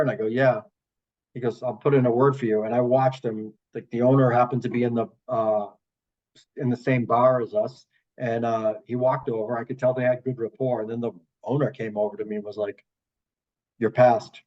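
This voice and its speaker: A man's voice: medium pitch, fairly even intonation, brisk, dull audio. A man from the Boston area, a comedian guest, chatting casually and telling rambling stories with lots of swearing. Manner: rambling storyteller, swears freely, acts out quoted voices. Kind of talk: casual podcast chat.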